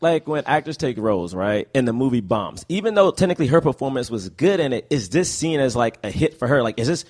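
A man co-hosting a casual podcast chat, lively and quick to laugh. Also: medium pitch. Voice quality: lively, laughs easily, restarts a lot. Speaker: podcast co-host. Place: recording at a festival in Austin.

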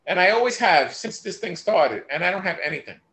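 A man's voice: high voice, very animated, a little fast, bright, forceful tone, roomy sound, poor audio. A man guesting on a casual podcast chat, talking in a brash, profane way.

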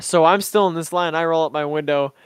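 A man's voice: fairly high pitch, fairly quick, clear, resonant tone, no room sound, studio quality. A young man co-hosting a podcast, telling a funny story in casual chat, laughing often and acting out the people in it. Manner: animated storyteller, laughs often, acts out voices. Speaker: podcast co-host.

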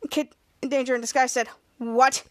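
Brief: high-voiced woman podcaster, rambling recap, dry close sound. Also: a little fast, fairly bright tone, no echo. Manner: rambling with restarts. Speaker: podcast host. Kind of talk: episode recap narration.

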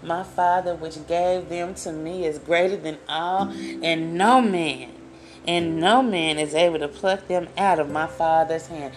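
Slow fervent woman preaching scripture. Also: fairly low pitch, noisy background. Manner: fervent, repeats phrases, addresses listeners directly. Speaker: Bible study leader. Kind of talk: emotional scripture reading and preaching.

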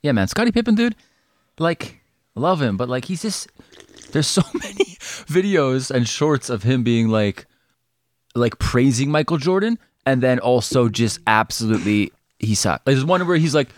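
A man's voice: mid-range voice, animated, normal speed, no room sound, studio quality. A young man co-hosting a podcast, chatting casually, joking and swearing with easy laughs. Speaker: podcast co-host. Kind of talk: casual chat.

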